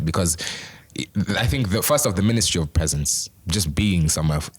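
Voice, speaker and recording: A man's voice: deep voice, animated, a little fast, slightly rough. A young man co-hosting a casual panel discussion, earnest and encouraging, with faith-based advice. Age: young adult. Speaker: co-host of a youth discussion.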